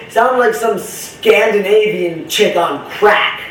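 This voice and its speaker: A man's voice: fairly high pitch, moderate pace, far from the mic. A young man rambling in a casual vlog monologue, chatty, campy and profane, jumping between topics. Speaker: vlogger. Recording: roomy echo, voice from off-mic.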